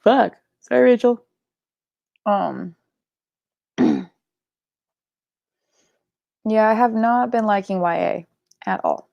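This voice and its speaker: A woman's voice: mid-range voice, huge pitch swings, slow, pauses often, dark tone, dry recording, muffled recording. A young woman hosting a live book club stream, chatting casually with lots of likes and ums and the odd swear word. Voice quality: creaky. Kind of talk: casual livestream chat reading comments.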